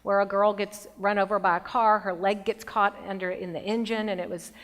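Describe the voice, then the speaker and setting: A woman's voice: mid-range voice, fairly quick. Middle-aged woman storyteller in a reverberant hall. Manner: expressive storyteller, shifting between bright emphasis and hushed moments. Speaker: keynote speaker. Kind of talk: motivational speech with storytelling. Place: large conference hall.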